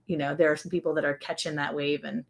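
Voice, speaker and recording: A woman with a Southern US accent, co-hosting a casual ranch livestream, chatty and quick to laugh, reading out viewer comments. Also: low-pitched, flat delivery, gravelly. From American South.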